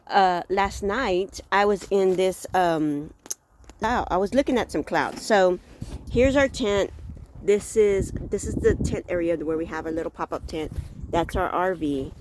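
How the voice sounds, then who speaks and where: A woman's voice: on the low side, noisy background. A woman vlogging from a rural campsite, telling stories animatedly with gasps and exclamations. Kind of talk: casual vlog chat.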